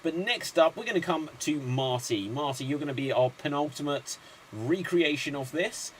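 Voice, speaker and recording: Brisk male improv show host. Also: a little high, animated, a little hiss or hum. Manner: brisk announcer, rattles off long chains of names. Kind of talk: hosting an online improv show.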